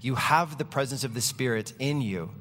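A man's voice: mid-range voice, moderate pace, fairly bright tone, big-room sound. A man preaching a sermon as pastor, in a conversational, emphatic way. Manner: conversational, emphatic preaching with object-lesson props.

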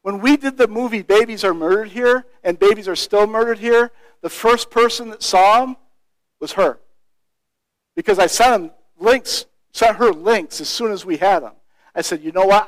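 A man with a fairly high voice tells a personal story as a street evangelist, animated and lively as he acts out other people's lines. The sound is dry and close, with no room echo. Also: normal speed.

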